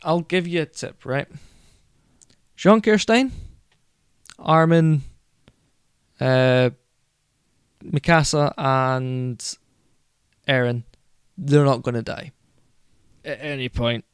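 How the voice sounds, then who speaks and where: A man's voice: mid-range voice, fairly even intonation, takes it slowly, long pauses, clear, resonant tone, no room sound, clean studio sound. A man co-hosting a casual podcast chat, rambling and correcting himself as he goes. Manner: rambling, self-correcting, enthusiastic. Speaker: podcast co-host.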